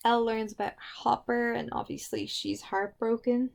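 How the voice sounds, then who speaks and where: A woman's voice: fairly high pitch, level tone, normal speed, vocal fry. A woman giving a casual spoken review of a TV series, gushing and emotional, with lots of "like" fillers.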